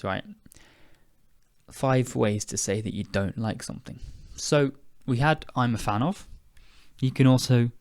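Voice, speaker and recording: A tired young British man talks through everyday English phrases in a chatty, rambling way, often correcting himself. His voice sits at an ordinary middle pitch. The sound is dry and close, with no room around it. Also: a little mellow, no echo. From United Kingdom. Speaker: podcast host and English teacher. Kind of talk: casual podcast lesson.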